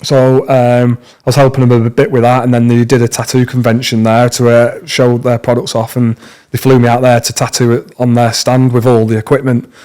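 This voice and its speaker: A young British man, a podcast guest, telling stories in a casual, slangy, animated way. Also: mid-range voice, a little fast, clean tone. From Britain. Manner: animated, slangy, acts out dialogue in lively bursts. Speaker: podcast guest, tattoo artist. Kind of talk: casual storytelling.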